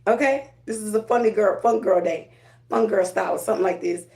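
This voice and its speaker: A woman's voice: mid-range voice, fairly quick, gravelly, mellow, echoey room, low-quality recording. A woman chatting casually and bluntly while getting ready, giving spiritual readings, repeating her phrases for emphasis. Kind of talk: casual get-ready-with-me chat.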